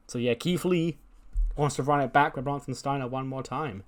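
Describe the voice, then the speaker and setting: A man's voice: medium pitch, moderate pace. A man hosting a casual let's play, narrating a wrestling booking game in a rambling, chatty way with self-corrections.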